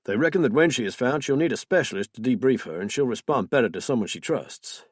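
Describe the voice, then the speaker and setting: A man reading as a distraught man whose ward has gone missing, husky and dry-toned, pleading and blaming himself. He sounds worn down and anguished, in a close, dead-sounding audiobook reading. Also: medium pitch, expressive, quick pace, no room sound. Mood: weary.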